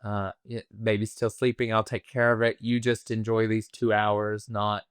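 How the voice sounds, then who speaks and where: A man retells a film's plot for a review podcast in an easygoing, meandering way. His voice sits low and comes through smooth and resonant. The sound is dry and close, with no room around it. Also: level tone, moderate pace, no echo. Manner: rambling, many fillers and restarts, acts out quotes. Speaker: film review podcast co-host. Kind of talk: casual chat retelling a film plot.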